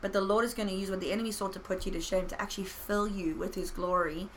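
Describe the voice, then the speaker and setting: A woman who has been a pastor, telling personal faith stories in an earnest, animated way with playful self-mockery. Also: mid-range voice, fast talker, a little hiss or hum, low-quality recording. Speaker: pastor and podcast guest. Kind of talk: casual faith conversation.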